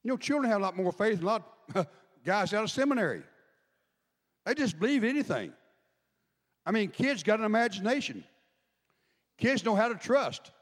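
Male pastor, conversational preacher, high voice, reverberant hall. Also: very animated, normal speed, long pauses. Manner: conversational preaching, asks the congregation questions. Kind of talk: sermon.

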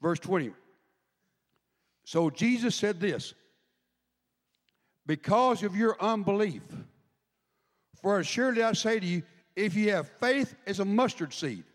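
Male pastor, conversational preacher, high voice, reverberant hall. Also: expressive, unhurried, long pauses. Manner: conversational preaching, asks the congregation questions. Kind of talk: sermon.

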